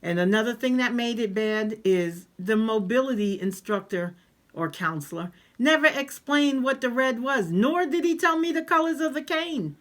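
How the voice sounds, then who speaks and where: A woman vlogger telling a personal story in a casual, animated way, acting out the voices of the people she quotes. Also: on the high side, normal speed.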